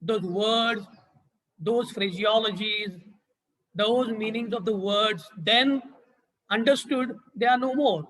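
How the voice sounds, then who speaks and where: A man with a Maharashtrian Indian English accent gives a classroom lecture, and his voice sits high for a man. He poses rhetorical questions and restates key phrases to drive points home. The sound carries a long reverb, as in a large hall. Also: takes it slowly, a bit bright.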